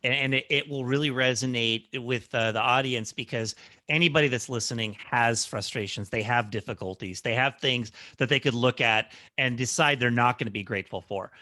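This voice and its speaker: A man's voice: medium pitch, fairly quick, sharp tone, no echo, studio quality. A man hosting a podcast, affirming his guest and asking questions while searching for words. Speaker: podcast host. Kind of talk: interview questions.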